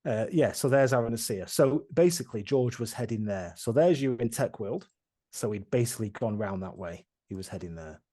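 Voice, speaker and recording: A man's voice: medium pitch, expressive, a little fast, mellow. A man running a tabletop game, recapping past sessions in a rambling, casual way with many restarts. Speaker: game master.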